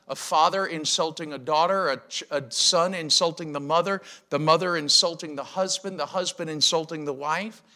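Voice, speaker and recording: A man's voice: a little high, bright, forceful tone. A middle-aged man, a pastor preaching a sermon emphatically and asking his listeners rhetorical questions.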